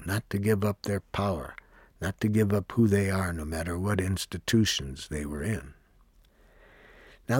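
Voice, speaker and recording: A man who leads workshops, telling a personal story in a slow, reflective way and acting out the dialogue. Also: low voice, husky, no echo, studio quality. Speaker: workshop leader. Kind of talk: personal storytelling between songs.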